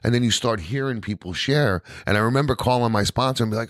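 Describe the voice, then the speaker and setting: A man with a New York accent telling his recovery story as a podcast guest, animated and peppered with "you know what I mean". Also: mid-range voice, fast, dry recording, clean studio sound.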